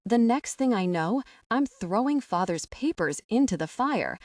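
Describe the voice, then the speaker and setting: A woman narrating a fantasy audiobook in the first person, with a measured, expressive reading. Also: mid-range voice, no room sound. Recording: dry, somewhat distant from the mic.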